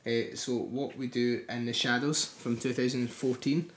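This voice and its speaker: A man's voice: mid-range voice, level tone, moderate pace, reverberant. A man co-hosting a casual podcast, teasing his friend and laughing often. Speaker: podcast co-host. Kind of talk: casual banter.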